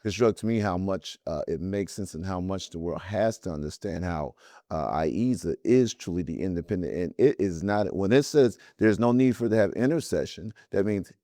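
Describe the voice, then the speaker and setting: A man taking part in a religious discussion, earnest and quick to agree with "yeah" and "right". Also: sits low, expressive, mellow, no room sound, clean studio sound. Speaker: discussion participant.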